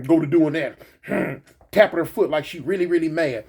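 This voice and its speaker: A man telling a personal story in a casual, animated way, repeating himself and peppering it with "man" and "you know". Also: fairly high pitch, measured pace, creaky, husky. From Los Angeles.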